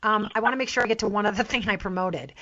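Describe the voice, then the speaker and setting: A woman's voice: mid-range voice, very fast, sharp tone, highs cut off. A woman hosting an interview, asking questions in a friendly, easygoing way. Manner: friendly, lightly laughing questions. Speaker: interview host. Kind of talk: casual interview.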